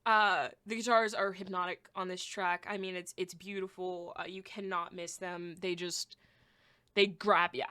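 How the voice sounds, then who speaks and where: A young woman talks through an album on her podcast in a loose, casual review. Her voice is bright and forward, and she gets excitable, blunt and foul-mouthed, gushing over what she loves and bluntly trashing what she hates. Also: lowish voice, normal speed, clear, resonant tone. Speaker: podcast host.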